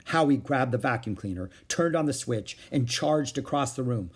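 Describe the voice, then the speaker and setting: A man reading a children's book aloud in an expressive storytelling manner. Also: mid-range voice, moderate pace, few pauses, breathy edge.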